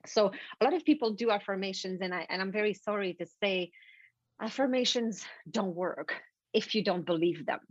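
A French Canadian woman, a native French speaker, explaining a mindset technique as a podcast guest in an animated, repetitive way. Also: medium pitch, normal speed, no echo. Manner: animated, repetitive, stumbling restarts. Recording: dull lo-fi dry recording.

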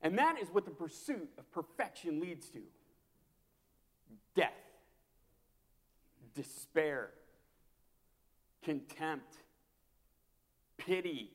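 A man preaching a sermon as a pastor, impassioned and repetitive, swinging from hushed to loud. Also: on the high side, sing-song, very slow, long pauses. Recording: long hall reverb.

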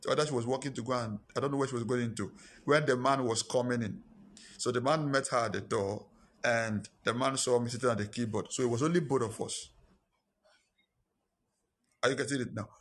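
A man preaches a sermon at a mid pitch. He is emphatic and repeats his phrases to drive each point home as he tells his own story. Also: fairly even intonation, brisk, a bit bright, slightly rough. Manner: emphatic, repeats lines for stress.

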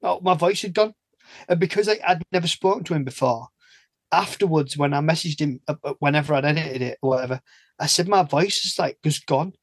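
A man's voice: on the high side, brisk, dry recording. A man chatting casually as a podcast host, laughing often and restarting his sentences. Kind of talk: casual chat.

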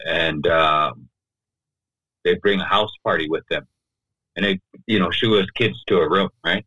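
A man's voice: low voice, a little slow, long pauses, sharp tone, slightly rough, dry recording, dull audio. A man, a podcast guest, tells a personal story in loose, talky speech, often leaning on "you know" and "right?". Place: podcast studio.

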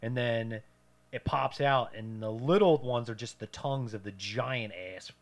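A man co-hosting a casual movie podcast, his voice sitting at an ordinary middle pitch. He retells scenes with crude jokes and lots of swearing, slipping into quick voices for the characters. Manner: joking, crude, animated retelling with put-on voices. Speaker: podcast co-host. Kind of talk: casual movie-review chat.

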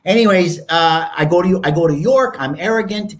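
A man's voice: sits high, moderate pace. A man in his fifties, a podcast guest, telling stories and acting out quoted people in raised voices. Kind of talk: storytelling interview talk.

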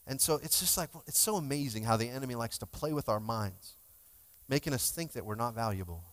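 A man's voice: medium pitch, expressive, brisk, a bit bright. A male pastor giving a sermon in a conversational, emotional way, joking with his congregation. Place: church sanctuary. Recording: long hall reverb.

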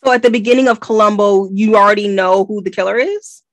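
An American woman co-hosting a casual book podcast, talking in an animated, emphatic way with rambling asides. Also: mid-range voice, fast, dry recording. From United States. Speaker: podcast co-host. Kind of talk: casual book-club chat.

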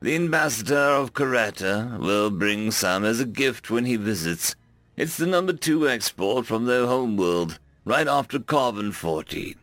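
A man voicing a calm, caring furry alien woman who is an ambassador, speaking slowly and soothingly. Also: medium pitch, dry recording, soft background music. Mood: gentle.

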